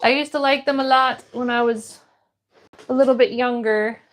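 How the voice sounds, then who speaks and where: A woman's voice: a little high, steady tone, normal speed, noisy background. A woman from Florida hosting a casual livestream, reading viewer messages aloud and answering them as she paints. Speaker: livestream host.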